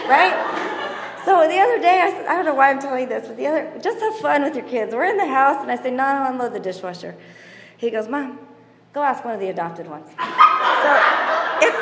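Middle-aged woman running a parenting class; higher voice, chatty and laughing, in a reverberant hall. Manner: chatty storyteller, laughs often, mimics her kids; moves around constantly while talking. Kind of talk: casual teaching talk to mothers. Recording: roomy hall reverb, faint background noise.

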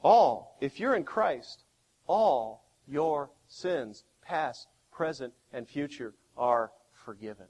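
A man preaching a sermon as pastor, with dramatic swings between quiet and loud. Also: mid-range voice, animated, slow. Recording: long hall reverb.

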